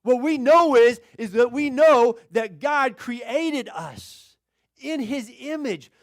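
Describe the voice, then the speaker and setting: A male pastor preaching a sermon, telling a story in an animated, chuckling way. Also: very high voice, slow pace.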